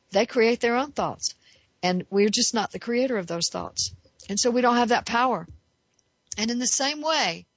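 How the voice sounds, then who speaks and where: A woman's voice: mid-range voice, no echo. A woman giving an earnest, emphatic monologue as a self-help speaker, asking rhetorical questions and answering them. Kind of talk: reflective monologue. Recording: dry, muffled recording.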